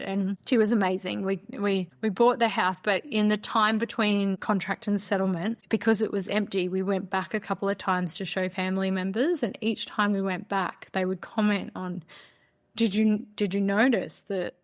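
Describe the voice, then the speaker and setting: A woman hosting a podcast, telling a personal story in a candid, conversational way, with a lot of "like" and a heartfelt tone. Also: mid-range voice. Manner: candid, conversational, frequent "like" fillers. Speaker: podcast host.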